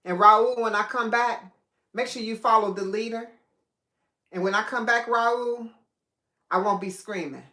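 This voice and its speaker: A chatty woman talks casually to her live viewers, laughing often as she answers their comments. Her voice sits a little high and has a bright, forceful edge. It rings around a bare room, picked up without a microphone. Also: unhurried, long pauses. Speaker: livestream host. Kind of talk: casual live chat while eating. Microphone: no microphone, device in room. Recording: echoey room, no mic.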